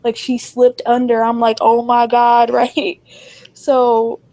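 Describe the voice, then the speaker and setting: A young woman spins a chaotic story to her friend in casual conversation, her higher voice leaping up when she acts out what people said. Her delivery is loose and full of energy. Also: takes it slowly. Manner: animated, acts out quotes in a raised voice. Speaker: podcast co-host.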